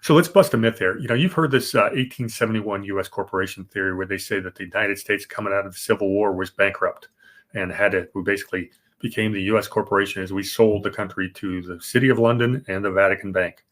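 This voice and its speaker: A man's voice: fairly low pitch, fast, fairly bright tone. A man co-hosting a podcast, explaining banking history casually, with fillers and restarts. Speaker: podcast co-host.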